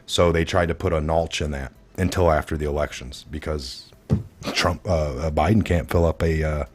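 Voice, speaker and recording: A man with a very low voice hosts a casual political talk show. He speaks wryly and laughs along with his co-host. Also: fairly even intonation, normal speed, noisy background.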